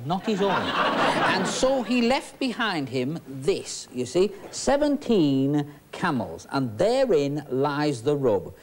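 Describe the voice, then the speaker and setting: A man's voice: a little high, breathy edge. Magician guy cracking jokes, voice jumps all over, chatty and teasing. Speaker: stage magician. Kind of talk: comic patter with an audience.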